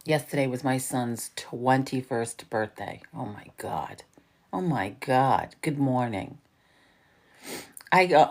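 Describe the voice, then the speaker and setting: A woman in her forties with a New York accent, hosting a casual morning livestream chat from home, chatty and swearing freely as she tells stories animatedly. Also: rumbling low. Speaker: livestream host.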